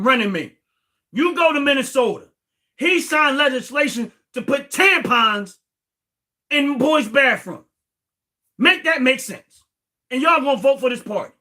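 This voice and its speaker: An American man hosting a livestream, ranting in an indignant, repetitive way and often raising his voice to a shout. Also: very high-pitched. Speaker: livestream host. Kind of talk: heated political livestream rant.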